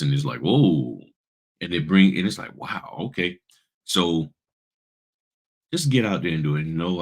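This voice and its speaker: A middle-aged man talking casually to his viewers in a vlog, animated and motivational, acting out people's reactions as he goes. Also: low-pitched. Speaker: notary, channel host.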